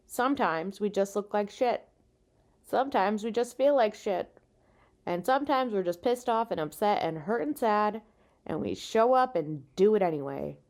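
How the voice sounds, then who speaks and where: A woman's voice: medium pitch, lively intonation, moderate pace, a little mellow. Exhausted woman venting from her bed. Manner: frank, profane, self-deprecating venting. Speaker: podcast host; stand-up comedian. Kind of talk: casual solo podcast monologue. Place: lying in bed at home. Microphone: no podcast microphone, makeshift mic.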